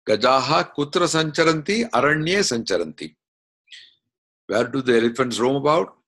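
A man teaching an online class, explaining slowly step by step and asking questions as he goes. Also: medium pitch, animated, a bit bright. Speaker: Sanskrit teacher. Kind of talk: online lesson. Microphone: video call.

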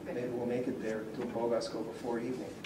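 A man in a civic centre lecture room, a professor of Slavic linguistics, delivers a public lecture at a fast clip in a level, mid-range voice, explaining conversationally and reading example words. Echo, distance from the mic, and a faint hum mark the recording.

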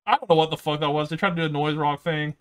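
With an album running behind him, a young host gives crude, joking, rambling commentary for a music reaction video. He speaks at a racing pace in a slightly high, clean voice with fairly even intonation.

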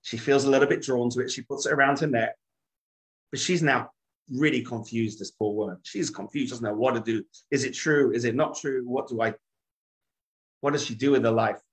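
A man's voice: mid-range voice, fairly even intonation, brisk, rough recording. Middle-aged male rabbi, dramatic storyteller. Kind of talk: storytelling talk.

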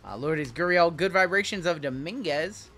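A man hosts a live card break in a loose, rambling way, calling out each card as he goes. His voice sits high and sounds bright. Faint music plays behind him. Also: moderate pace. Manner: chatty, rambling, calls out cards. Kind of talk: casual live-stream chat.

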